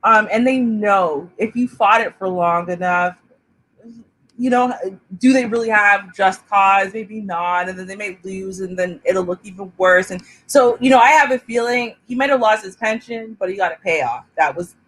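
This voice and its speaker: A woman co-hosting a casual reaction show, chatty and thinking things through out loud. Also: mid-range voice, moderate pace, rough recording. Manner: chatty, reasoning aloud, laughs often.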